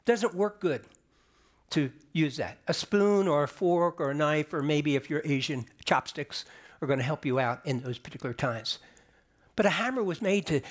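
A man delivering a sermon as a pastor, explaining scripture in a conversational way and rising for emphasis. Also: high voice. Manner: conversational preaching with restarts and emphatic rises. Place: church sanctuary.

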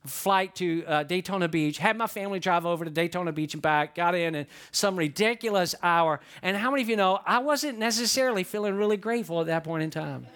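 A man's voice: high voice, brisk, hardly any pauses, fairly bright tone, clear, resonant tone. A middle-aged male pastor preaching a sermon in a folksy, conversational way, often asking the congregation questions.

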